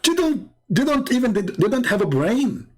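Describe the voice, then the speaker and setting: A man's voice: very high-pitched, very animated. A man telling a mocking story in a rambling, casual monologue as an online debater. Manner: rambling, mocking, quick restarts.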